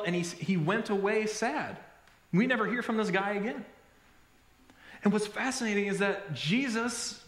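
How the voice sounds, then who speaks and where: A man preaching a sermon as a pastor, telling stories in an animated way with self-deprecating humor. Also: sits high, reverberant. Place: church sanctuary.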